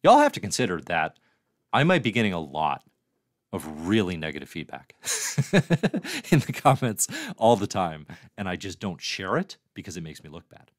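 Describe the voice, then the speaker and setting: A man's voice: sits low, wildly swooping pitch, moderate pace, no room sound, clean studio sound. A man hosting a casual comics review livestream, chatty and reading viewer comments aloud. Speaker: livestream host.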